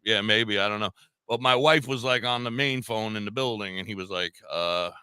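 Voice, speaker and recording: A man's voice: lowish voice, a little fast, pushed and bright, clean tone, no echo. A man in his forties with a Long Island New York accent, co-hosting a podcast and telling a long story in a rambling way, swearing casually and restarting his sentences. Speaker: podcast co-host.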